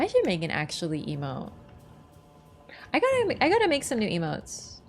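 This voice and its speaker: A woman's voice: fairly high pitch, wildly swooping pitch, moderate pace, long pauses, faint music behind. A woman streaming a game, chatting casually in a playful, teasing, rambling way. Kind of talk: casual chat while gaming.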